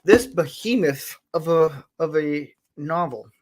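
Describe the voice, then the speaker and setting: Chatty, rambling young man, high voice. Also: animated. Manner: rambling, chatty, quick to laugh. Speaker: host of a Lego build stream. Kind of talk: casual chat. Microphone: desk microphone.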